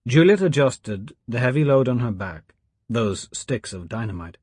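A male audiobook narrator reading in a measured, quiet way. His voice is husky and middle-pitched. The recording is close and dry. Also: big pitch swings, no echo.

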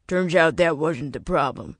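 A man's voice: fairly high pitch, a little slow, fairly bright tone, dry recording. A woman voicing a tired, fussy man who tinkers with radios, explaining himself in a dry, defensive way. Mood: weary.

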